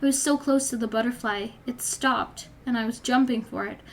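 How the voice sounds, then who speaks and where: A woman's voice: on the high side, fairly even intonation, moderate pace, slight background noise. A young woman vlogger reading her old story aloud and breaking off for wry, chatty asides. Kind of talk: reading aloud with casual commentary.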